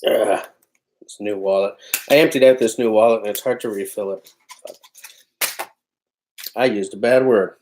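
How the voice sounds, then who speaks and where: A man's voice: on the low side, measured pace, pauses often, darkish tone, a little hiss or hum. A man hosting a livestream from home, casually chatting and reading out viewer comments in a loose, offhand way. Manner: loose, chatty and offhand, often breaking into laughter. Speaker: livestream host.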